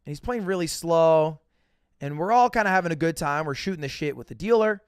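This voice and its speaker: A man's voice: on the high side, expressive, fairly quick, smooth, no room sound, clean studio sound. A man telling a casual, profane, self-mocking story as a podcast host.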